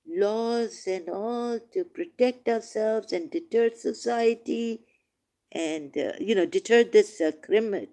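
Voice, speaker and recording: A woman hosting a casual livestream, reading scripture passages aloud and commenting on them emotionally, swinging from quiet musing to emphatic outbursts. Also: mid-range voice. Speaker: online talk host.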